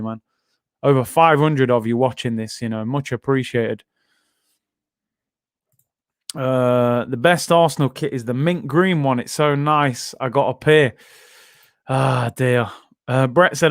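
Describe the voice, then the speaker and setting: A man's voice: mid-range voice, no echo, clean studio sound. A man hosting a football watchalong stream, chatting casually, using slang and reading out viewer comments.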